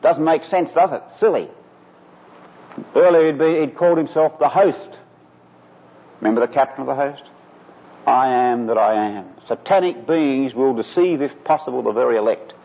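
An earnest male preacher delivers a sermon, his husky voice building to emphatic peaks. The sound is muffled and lo-fi, with long reverb from a large hall. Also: on the high side, normal speed.

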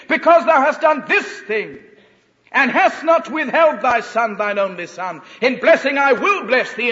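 A man's voice: extremely high pitch, sharp tone. A man preaching a sermon, retelling scripture dramatically and emphatically in an echoing hall. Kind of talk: expository sermon. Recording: echoey hall, dull lo-fi sound.

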